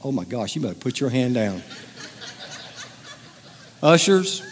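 A man's voice: medium pitch, sing-song, slow pace, a little hiss or hum. A middle-aged man preaching a sermon to a congregation, conversational and joking, teasing his listeners. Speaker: pastor. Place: church hall with audience. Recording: reverberant hall.

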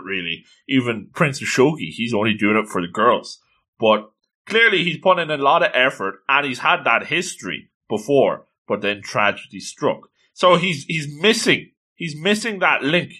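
A man casually recapping a manga chapter, animated and full of exclamations. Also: mid-range voice. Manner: animated, excitable, exclaims often. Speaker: manga reviewer.

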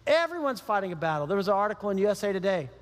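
A man's voice: high-pitched, big pitch swings, racing, long reverb tail. A man preaching a sermon as a pastor, telling a story animatedly and acting out the voices of the people in it.

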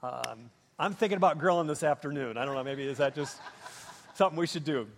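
High-voiced Minnesotan pastor, folksy. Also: male voice, brisk, a little hiss or hum. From Minnesota, USA. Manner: folksy storytelling with humor and many fillers. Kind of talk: sermon. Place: church sanctuary. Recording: long reverb of a large hall.

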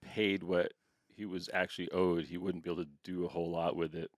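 A man's voice: low-pitched, little pitch movement, fairly quick, dry recording, clean studio sound. A man co-hosting a casual podcast, joking, laughing and asking questions about the story. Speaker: podcast co-host. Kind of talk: casual chat.

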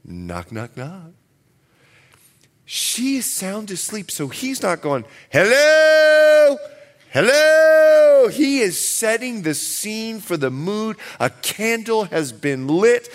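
A man who is a pastor preaching a sermon at a church service, animated and playful, acting out the scenes. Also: high voice.

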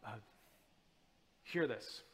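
A man's voice: very slow, a bit bright, big-room sound. A man giving a sermon as a guest preacher, talking casually with many fillers and restarts. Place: church.

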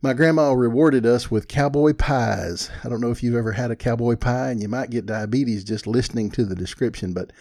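A man's voice: mid-range voice, a little fast, few pauses, a little mellow. An older man, hosting a podcast with rambling, folksy, self-deprecating chat. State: a little out of breath. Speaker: podcast host. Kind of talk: casual solo podcast talk.

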